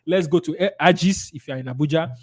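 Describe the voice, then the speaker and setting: Fast-paced and fairly high-pitched, this Nigerian-accented man is running a live sales training webinar. He reads viewers' answers aloud with energy and acts out responses to clients.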